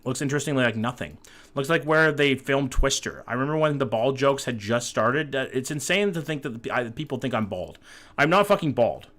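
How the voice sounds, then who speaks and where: A laid-back male streamer talks through his guesses and reads chat messages out loud. His speech is loose and joking, peppered with swearing, and now and then he breaks into hyped-up shouting. His pitch sits at an ordinary middle height. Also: fairly quick. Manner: bursts of excited hype between calmer musing. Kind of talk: casual live-stream chat while playing a map-guessing game.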